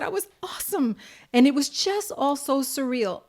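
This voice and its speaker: A middle-aged woman from the United States tells her story as a guest in a podcast interview. Her voice sits a little high, and she acts out quotes with sudden jumps between loud and near-whispered. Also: normal speed. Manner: animated storyteller acting out quotes, swings between loud and soft. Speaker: singer and actress guest.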